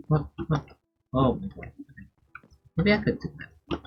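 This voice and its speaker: A man's voice: on the high side, animated, a little slow, breathy edge, soft background music. A man streaming a video game live, muttering and swearing at it in frustration. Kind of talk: live gameplay commentary. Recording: dull lo-fi stream audio.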